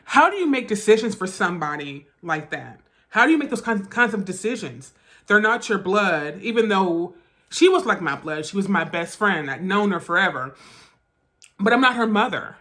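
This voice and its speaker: Woman vlogger, bright voice, halting and emotional storytime delivery. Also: mid-range voice, sing-song. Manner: emotional, halting retelling with restarts. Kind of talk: storytime vlog.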